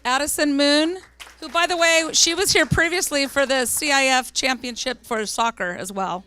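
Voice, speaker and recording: A woman school board member presenting awards at a public meeting, earnest, reading names slowly and carefully. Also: high-pitched, pushed and bright, a little hiss or hum.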